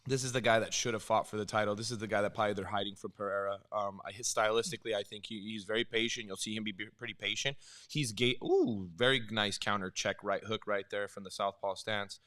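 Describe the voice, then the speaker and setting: Man, bright voice, lively storyteller, laughs a lot, fight coach chat. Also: fairly low pitch, quick pace, few pauses. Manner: animated storyteller, laughs often. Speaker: martial arts coach. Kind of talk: casual watch-along chat.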